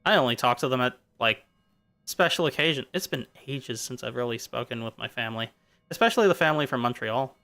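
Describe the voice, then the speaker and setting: A man's voice: medium pitch, lively intonation, brisk, bright, forceful tone. A male streamer chatting casually while playing a game, drifting playfully between jokes and musings. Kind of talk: casual rambling chat while gaming.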